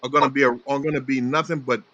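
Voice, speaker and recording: A man's voice: mid-range voice, steady tone, fast, dull audio, very noisy. A man in a barbershop debate, speaking emphatically and growing passionate as he argues. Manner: emphatic, rising to passionate insistence. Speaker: panelist.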